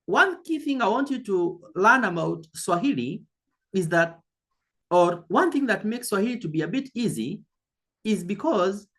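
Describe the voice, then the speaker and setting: A woman teaching an online language lesson, speaking slowly and deliberately, repeating key words and addressing the learner directly. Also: mid-range voice, a bit bright.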